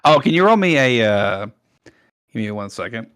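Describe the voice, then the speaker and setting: A man's voice: mid-range voice, very animated, moderate pace, a bit bright, clean tone. A man playing in a tabletop game, joking and laughing with the table in casual banter. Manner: jokey, laughs a lot. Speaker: player.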